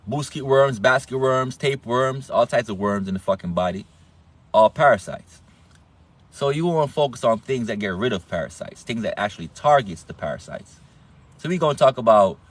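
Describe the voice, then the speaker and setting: A man with an accent lectures in a casual, preachy way, swearing often, stressing and repeating words. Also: medium pitch. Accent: non-standard English accent. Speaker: online health talk host.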